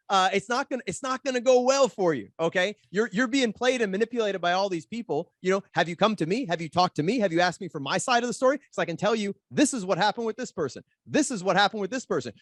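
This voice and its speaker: A man and podcast guest telling a story in an animated way, fast and with many restarts as he acts out quoted arguments. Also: high voice, no echo, studio quality. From Canada. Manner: rapid, repeats words while acting out quoted arguments. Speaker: podcast guest, pro wrestler.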